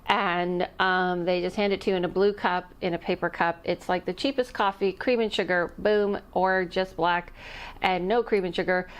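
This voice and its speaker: Chatty woman medium with smooth voice. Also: fairly low pitch, steady tone, moderate pace. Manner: chatty, rambling, self-interrupting with laughs. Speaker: intuitive medium and channel host. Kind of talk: casual vlog talk to camera.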